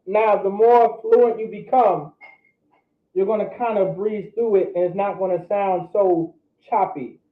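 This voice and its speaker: A man with a high voice teaches a pronunciation lesson, sounding out syllables slowly and over and over. He is heard from across an echoey room on a tinny, phone-like recording. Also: steady tone. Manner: slow, repetitive drilling of syllables. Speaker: language teacher.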